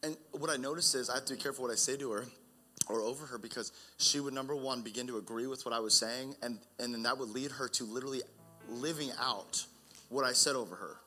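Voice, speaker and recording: A man's voice: medium pitch, fast, bright, forceful tone, faint music behind. A young adult man preaching a sermon as pastor, earnest and conversational, often restarting his sentences.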